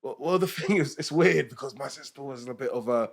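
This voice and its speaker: A man's voice: mid-range voice, fairly quick, vocal fry, husky. A young man, a podcast guest talking candidly about family in a rambling, self-interrupting way, laughing often.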